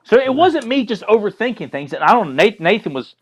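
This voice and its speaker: A man's voice: sits high, big pitch swings, fast. A man co-hosting a casual podcast chat, telling a rambling, profane story with stammers and restarts. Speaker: podcast co-host.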